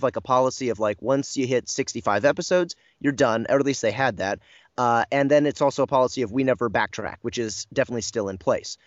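A man's voice: medium pitch, no echo, highs cut off. Self-deprecating man rambling in an interview. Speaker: voice actor guest. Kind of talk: casual interview chat.

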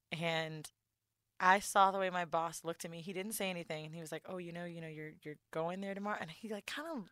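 A young woman co-hosts a casual podcast and tells her story with raw emotion, often acting out the people she quotes. Her voice sits a little low and sounds bright and forceful. The recording is dry and close. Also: no room sound. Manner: emotional storytelling, swearing, quoting others. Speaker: podcast co-host. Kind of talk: candid casual chat.

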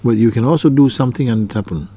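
A man of medium pitch speaks very fast, his voice mellow with a breathy edge, as he teaches on spiritual subjects. He fires off probing questions, repeats phrases frequently, and impersonates those he quotes.

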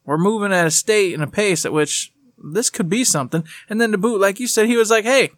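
A man co-hosting a casual gaming podcast, chatty and animated, often slipping into quoted voices and laughing. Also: sits high, a little fast, no room sound. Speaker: podcast co-host.

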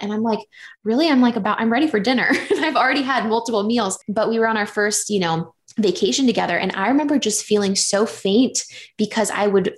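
A woman in her thirties talking openly in a casual conversation, chatty and animated when she retells things. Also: medium pitch.

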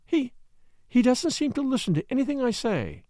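A man's voice: high-pitched, huge pitch swings, normal speed, a little mellow, no echo, studio quality, pitched above the performer's own voice, full character voice. A man reading aloud and voicing a headstrong, upset young wealthy woman in a raised, emphatic voice. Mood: indignant.

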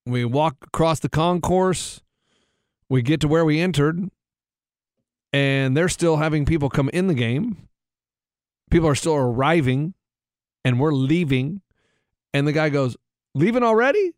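A man, co-hosting a radio talk show and telling a story with lively delivery. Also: on the high side, a little slow, long pauses, dry recording, studio quality. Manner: animated storyteller acting out a whining child. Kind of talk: casual storytelling chat.

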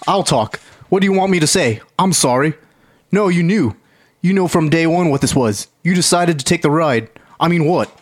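A man voicing a weary male fighter-trainer, reading a film monologue aloud in a flat, continuous way. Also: fairly high pitch, moderate pace. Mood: pleading. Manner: reads a dramatic monologue flatly.

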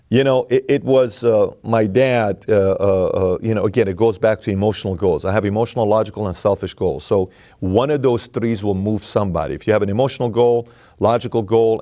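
A man with a somewhat low voice is talking as a podcast guest. He tells stories in an animated way, often restarting and repeating his words as he goes. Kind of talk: interview conversation.

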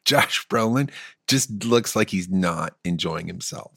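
A man's voice: low-pitched, expressive, unhurried, vocal fry, pushed and bright, breathy edge, no room sound, studio quality. A man co-hosting a podcast, rambling through stories in a casual, self-deprecating way. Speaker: podcast co-host, musician. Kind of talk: casual chat.

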